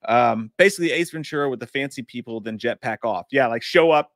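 A man in his thirties or forties co-hosts a podcast live stream, reading out viewer messages while joking and swearing in a rambling way. His mid-range voice is fast and fairly bright, with studio-quality sound and no echo.

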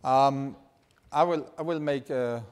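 Slow and clean-toned, a mid-range male voice delivers a live anatomy lecture with a Styrian Austrian accent. The Austrian lecturer is enthusiastic, casual and jokey.

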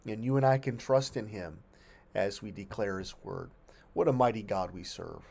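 A man's voice: normal speed, vocal fry, darkish tone, husky. A man leading a weekday family devotion as pastor, earnest and emphatic, often restarting his phrases as he explains a bible passage. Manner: earnest, emphatic, rises in pitch and volume when reading scripture; frequent restarts and fillers.

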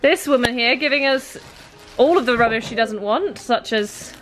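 A woman's voice: on the high side, moderate pace, a bit bright, faint music behind. Chatty young woman vlogging casually. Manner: chatty, talks to her puppy. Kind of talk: casual vlog chat.

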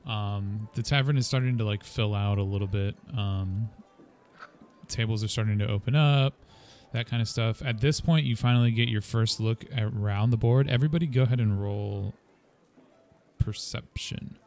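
A man narrating a tabletop game as game master in a relaxed way with many fillers. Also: lowish voice, normal speed, soft background music.

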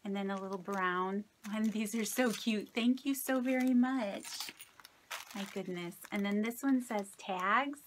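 A woman's voice: medium pitch, a little slow, a little hiss or hum. Gushing woman opening craft mail. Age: 30s. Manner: gushing, delighted, soft-spoken. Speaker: craft vlogger. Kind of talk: casual mail-opening vlog.

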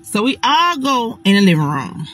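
A woman telling a personal story straight to her audience in a casual storytime monologue, animated and dramatic, swearing often. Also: a little high, moderate pace, breathy edge, low-quality recording.

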